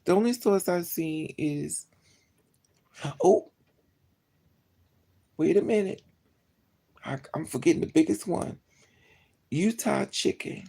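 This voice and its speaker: A deeply gravelly, husky speaking voice that swings up and down through a wide, lively range. The vlogger tells a casual, gossipy story and acts out every line of the exchange. It is recorded close up on a phone or webcam. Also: slow, pauses often. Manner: animated, gossipy, acts out both sides of a story.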